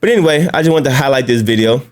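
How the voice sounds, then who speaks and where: A man's voice: mid-range voice, animated, very fast. A man hosting a casual commentary video, talking bluntly and mockingly, often breaking into laughs. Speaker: YouTube commentary host.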